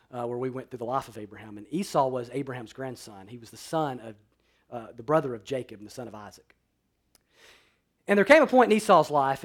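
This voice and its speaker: Swinging from loud, emphatic proclamations to hushed, low-voiced stretches, a husky-voiced male pastor delivers a sermon.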